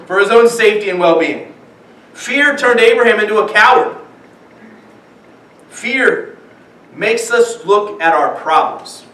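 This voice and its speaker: High-voiced preacher in an echoey church. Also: male voice. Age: young adult or middle-aged, father of young children. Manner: animated preaching, acts out voices of people in stories. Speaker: pastor. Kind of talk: sermon. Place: church sanctuary. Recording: echoey church room from far off.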